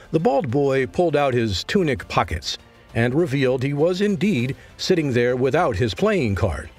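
Expressive male audiobook narrator. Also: medium pitch, unhurried, slightly rough, faint music behind. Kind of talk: scripted narration.

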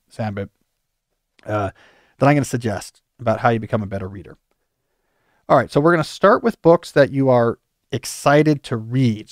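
A man's voice: mid-range voice, no echo, clean studio sound. Man, podcast host, advice monologue, playful asides, mid-range voice. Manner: joking, animated, playful asides.

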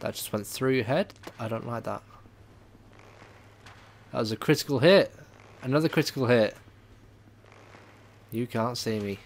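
Excitable swearing gaming commentator man. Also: mid-range voice. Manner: excitable, swearing, shouting at the game. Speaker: gaming video host. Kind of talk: casual let's-play commentary.

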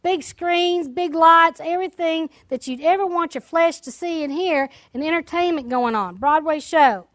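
A woman with a high voice preaches a testimony sermon. She tells her stories in a lively way and acts out the people in them. The recording is dry and close. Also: normal speed, few pauses, dry recording. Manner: lively storytelling, acts out quoted speech; exhorting, preacherly. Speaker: prophet speaking to a church audience.

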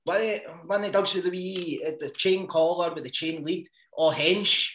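Chatty Scottish man, slightly high voice. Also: normal speed, a little hiss or hum. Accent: Scottish, North Ayrshire. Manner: animated storyteller, swears and mimics people. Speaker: podcast host. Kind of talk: casual chat.

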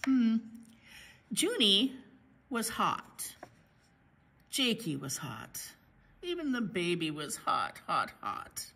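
Woman, library storytime reader, animated, playful sound effects, swooping pitch, bright. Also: slow pace, gravelly, long pauses, slightly rough. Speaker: children's library storytime host. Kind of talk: reading a picture book aloud to kids.

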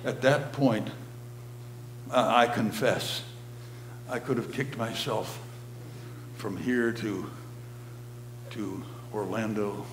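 A man preaching a storytelling sermon, unhurried, who often drops to a quiet, low voice. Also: steady tone. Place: church sanctuary. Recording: roomy church echo, faint hum.

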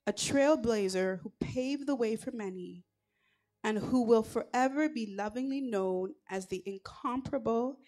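A woman leading worship at a church service, speaking deliberately with fervent calls to praise. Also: a little high, darkish tone. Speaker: worship leader.

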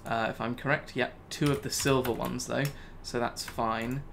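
A man's voice: medium pitch, little pitch movement, moderate pace, creaky, noisy background. Self-mocking man narrating his gameplay. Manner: self-talking, exasperated, laughs at himself. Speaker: gaming YouTuber. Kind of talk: casual Let's Play commentary.

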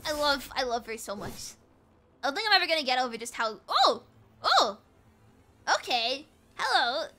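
A woman's voice: high voice, big pitch swings, moderate pace, pushed and bright. A young woman streaming a video game live, reading the story dialogue aloud and chatting in a playful, giggly, self-mocking way. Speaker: VTuber streamer.

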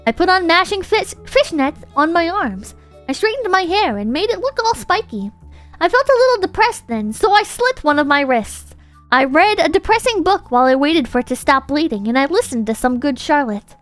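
A woman's voice: very high voice, moderate pace, no echo, faint music behind. A woman streamer doing a comedic dramatic reading with mocking asides. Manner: animated, mocking, laughing asides.

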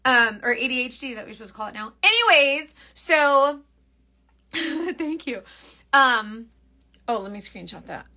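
A woman's voice: high voice, expressive, moderate pace, pushed and bright. A young woman hosting a makeup livestream, rambling and giggling as she reads viewer comments. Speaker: makeup seller and livestream host. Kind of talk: chatty livestream talk.

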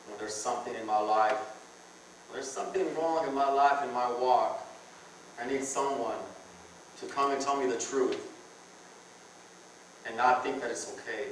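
A man's voice: mid-range voice, a little hiss or hum. Echoey man preaching at a church men's conference. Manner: earnest, conversational preaching with repeated phrases. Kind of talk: sermon. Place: church hall with a live audience. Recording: very echoey church hall, mic from far off.

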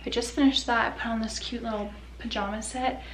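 A woman's voice: fairly high pitch, steady tone, a little fast, slight background noise. A young woman vlogger talking casually through her day, chatty and saying "y'all" often. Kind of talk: casual vlog chat.

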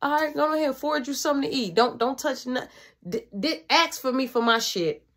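A stern, sarcastic mother scolding her kid, husky and a little higher than the teller's own voice, as a woman puts her on. She lectures in short, pointed questions. It sounds like someone quoting a parent mid-story. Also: brisk, fairly bright tone.

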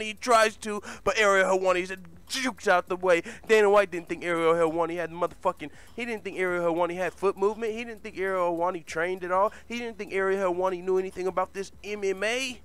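A man's voice: sits high, fast talker, few pauses, clean tone. A man hosting an online show, telling a comic made-up fight story full of swearing and laughter. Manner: profane, laughing, animated. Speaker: host.

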